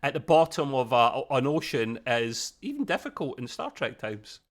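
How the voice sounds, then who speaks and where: A man, hosting a casual TV review chat, chatty and quick to laugh. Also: mid-range voice. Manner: chatty, animated, laughs often, quick quoted voices. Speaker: podcast host reviewing a TV episode.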